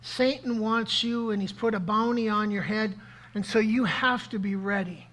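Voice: mid-range voice, steady tone, normal speed, a bit bright. A pastor preaching a sermon to a live congregation, asking the crowd questions and repeating key lines. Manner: interactive, asks the audience questions, repeats key phrases.

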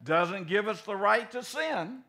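High, bright-voiced folksy preacher man. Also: takes it slowly. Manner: folksy, animated preaching with sudden loud bursts and soft drops. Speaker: pastor. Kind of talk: sermon.

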